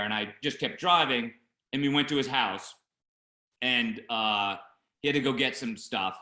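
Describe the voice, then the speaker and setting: A man with a bright, forceful voice spins a story in a casual interview, jumping into loud, acted-out quotes of the people in it. The room around him rings with echo. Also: medium pitch, moderate pace. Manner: animated anecdote teller, acts out shouting voices. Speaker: film producer, interview guest.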